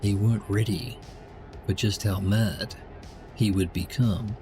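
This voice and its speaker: A man voicing a dramatic male movie-trailer narrator with a portentous, drawn-out delivery. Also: on the low side, fairly even intonation, over music. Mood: ominous.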